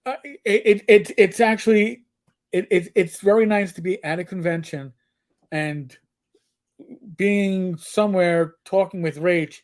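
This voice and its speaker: An older man with a New York accent co-hosts a casual live stream in a high, somewhat slow voice. He talks candidly, rambling and swearing as he goes.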